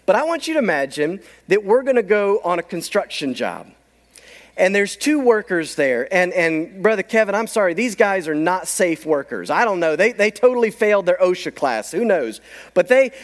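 A man preaching a sermon, telling stories with animated delivery and acting out the people in them. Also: sits high. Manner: animated storytelling, acts out quoted voices. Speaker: pastor.

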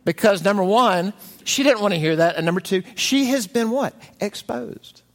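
A man's voice: high-pitched, normal speed, long reverb tail. A man preaching a conversational sermon, telling stories expressively and acting out the lines he quotes. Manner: expressive storyteller, voices quotations dramatically. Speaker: pastor.

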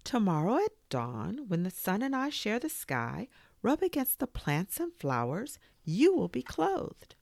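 A woman voicing the wise, gentle moon in a storybook, with a high sing-song delivery. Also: wildly swooping pitch, a little slow, vocal fry, dry recording, exaggerated voice. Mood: kind.

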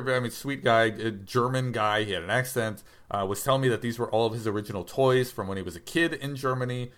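A man's voice: medium pitch, fairly bright tone. A man casually telling a long story about buying old toys, rambling and correcting himself, livening up when he quotes people. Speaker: toy reseller telling a story.

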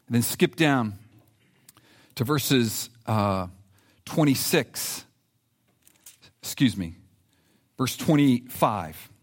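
A pastor preaching a sermon in an animated, conversational way, reading scripture aloud with emphasis. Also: male voice, medium pitch, very slow, long pauses.

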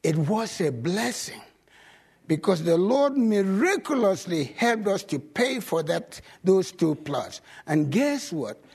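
A male pastor telling stories in a sermon, animated and swinging from loud bursts to low asides. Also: slow pace, vocal fry, slightly rough. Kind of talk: sermon storytelling.

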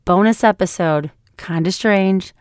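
A middle-aged woman hosting her own podcast, speaking hoarsely after an illness in a raw, blunt and heartfelt monologue. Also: mid-range voice, measured pace, a little mellow, no echo, studio quality. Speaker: podcast host.

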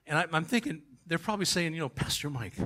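A male pastor preaching a sermon, emphatic, swinging from quiet asides to shouted climaxes. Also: a little high, very fast.

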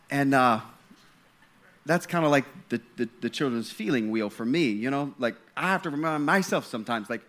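A man's voice: a little high, animated, moderate pace, a bit bright. A man preaching a sermon in a conversational style, stumbling and restarting, then building to fervent passages. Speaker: pastor.

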